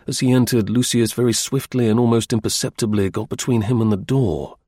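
A man narrating a first-person adventure story as an audiobook in a measured, even storytelling manner, with a husky voice. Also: mid-range voice, no echo, studio quality.

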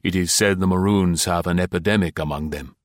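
A calm, polite male cab driver, as a man reads him out. He talks quietly and evenly in a low voice, always courteous. The sound is dry and close. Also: a little fast, dry recording, close to an everyday voice.

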